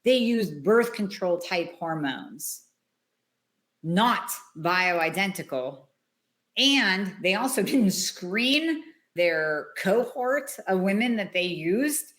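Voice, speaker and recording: A woman's voice: mid-range voice, fairly bright tone. A woman hosting a solo health podcast, talking in a blunt, emphatic, conversational way. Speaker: podcast host, hormone doctor.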